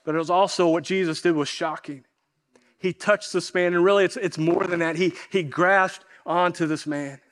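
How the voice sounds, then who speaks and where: A male pastor delivers an earnest sermon, his voice sitting high. He often softens as he closes a point and repeats phrases for emphasis.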